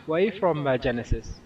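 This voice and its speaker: A Yorkshire man talks through a live flight-sim stream, easygoing and halting, full of "uh"s and false starts. He sits a little back from the mic, and a faint low rumble hums underneath. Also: recorded from a distance, lo-fi sound. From England. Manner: halting, lots of uh fillers and restarts, answering chat. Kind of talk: casual live-stream chat while flying a sim.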